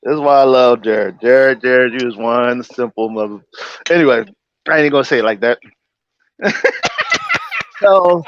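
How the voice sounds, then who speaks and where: A man's voice: medium pitch, unhurried, long pauses, no echo. A man hosting a casual talk show, laid-back and slangy. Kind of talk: casual chat. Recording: dry, dull lo-fi audio.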